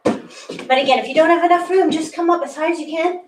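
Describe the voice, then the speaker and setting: A high-voiced woman leads a workout class, upbeat and encouraging, a little out of breath as she counts reps. She sounds a bit away from the mic in an echoey room, with faint noise behind her. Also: fairly quick, far from the mic. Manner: upbeat, encouraging, laughs often. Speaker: fitness instructor. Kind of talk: guided workout instruction. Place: room with a wall and ceiling tiles, indoors.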